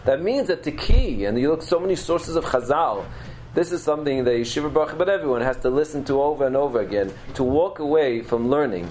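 A man's voice: fairly high pitch, animated, brisk, a little mellow, a little hiss or hum, poor audio. A middle-aged man giving a Torah lecture as a teacher, telling stories earnestly and mixing Hebrew and Yiddish terms into his English.

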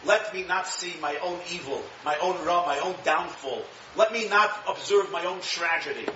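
Bright-voiced rabbi in an echoey room. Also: male voice, high-pitched, moderate pace, a little hiss or hum. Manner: animated, acts out quotes, chuckles at own jokes. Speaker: rabbi teaching Torah. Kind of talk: lively Torah lecture. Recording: echoey room, distant mic, dull sound.

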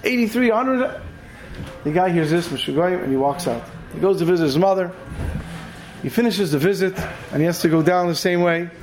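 A man teaching a Torah class who tells animated stories and acts out the characters. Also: on the high side, a little fast, a little hiss or hum, low-quality recording. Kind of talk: storytelling lecture.

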